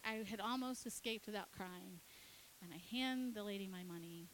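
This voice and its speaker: A woman pastor preaching, telling a story with lively acted-out dialogue. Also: medium pitch, a little hiss or hum, rough recording. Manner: animated, acts out her kids and herself in quick dialogue. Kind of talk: sermon storytelling.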